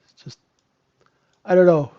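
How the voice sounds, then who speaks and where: A man's voice: unhurried, highs cut off. A man hosting a live trading room, giving casual, joking market commentary and answering viewers by name. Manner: chatty, joking, talks to chat viewers by name.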